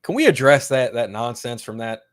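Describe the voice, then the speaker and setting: A man in his thirties co-hosting a casual stream, relaxed and laughing, with some swearing. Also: medium pitch, moderate pace, no room sound, clean studio sound. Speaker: co-host. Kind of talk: casual chat.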